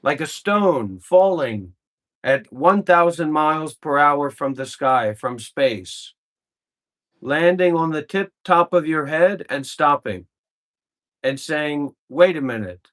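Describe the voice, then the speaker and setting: A male meditation teacher with a fairly high voice gives an informal spiritual talk. He speaks bluntly, swears freely and hammers his points home through repetition. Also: expressive, slow, a bit bright. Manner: blunt and profane, with emphatic repetition.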